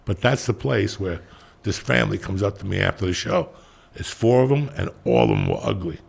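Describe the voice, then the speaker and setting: Gravelly, raspy middle-aged comedian. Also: male voice, low voice, a little fast. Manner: profane, animated storyteller acting out voices. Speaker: stand-up comedian. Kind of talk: podcast storytelling.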